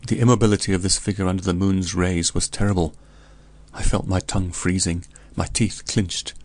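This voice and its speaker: A man reading a gothic tale aloud in the first person, in a measured, solemn way. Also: low-pitched, level tone, darkish tone. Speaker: audiobook narrator.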